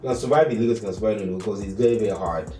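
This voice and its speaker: A low-voiced Nigerian man chatting on a podcast, mellow and unhurried in tone. He sits back from the mic in a roomy space, with music running faintly underneath. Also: recorded from a distance. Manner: relaxed, musing, quick filler agreements. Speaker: podcast co-host. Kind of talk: casual podcast chat.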